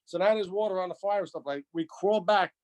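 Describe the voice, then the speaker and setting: A man's voice: high-pitched, fast talker. Man in his sixties telling a fire story. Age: 60s. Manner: animated, repetitive storytelling. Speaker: retired firefighter. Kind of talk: storytelling interview.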